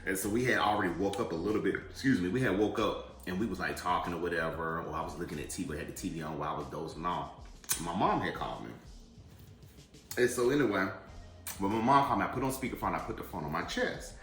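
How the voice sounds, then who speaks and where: A man's voice: sits low, quick pace, a bit bright, echoey room, soft background music. A man telling a rambling personal story to viewers in a casual, chatty way while eating. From Atlanta area, USA. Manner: chatty, addresses viewers directly, digressive. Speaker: vlogger.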